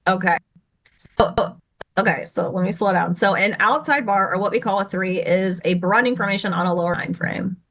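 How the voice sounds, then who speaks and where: A woman's voice: medium pitch, fairly bright tone. A woman teaching chart patterns as a guest. She explains in a hurry and stops now and then to correct herself. She speaks over a video call. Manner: rushed, tumbling explanations with self-corrections. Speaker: guest trading educator.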